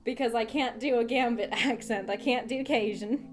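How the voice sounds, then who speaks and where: A woman's voice: on the high side, moderate pace. A woman livestreaming a game, chatting playfully with her viewers and laughing often. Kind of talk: casual let's-play chat.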